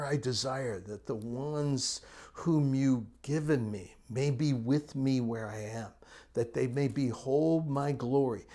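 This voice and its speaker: A middle-aged man of ordinary, middle pitch tells personal stories of faith as a ministry teacher. His delivery is earnest and storytelling, and at times he sinks into a soft whisper. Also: creaky. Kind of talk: personal testimony talk.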